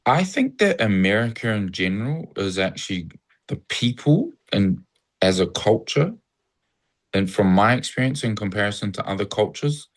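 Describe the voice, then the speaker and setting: Laid-back man with a Kiwi accent. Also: low-pitched. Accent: New Zealand. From New Zealand. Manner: rambling, reflective, acts out cheerful greetings. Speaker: interview guest. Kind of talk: casual conversation.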